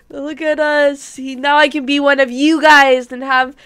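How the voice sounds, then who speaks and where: A young woman streaming a game live, bubbly and giggly, chatting excitedly with her viewers. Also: high voice, normal speed. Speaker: gaming streamer. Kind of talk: live-stream gameplay chat.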